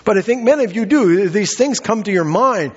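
Preaching at a fairly quick pace, a man with a high, animated voice and a breathy edge retells scripture and asks his congregation rhetorical questions. He is a pastor, and the sermon was captured in a reverberant hall with a dull, muffled sound.

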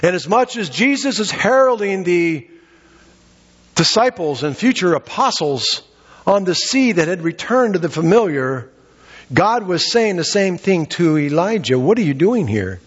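In this muffled, dull recording from a reverberant hall, a pastor retells scripture and asks his congregation rhetorical questions during a sermon. He speaks a little slowly in a high-pitched, expressive voice with a breathy edge.

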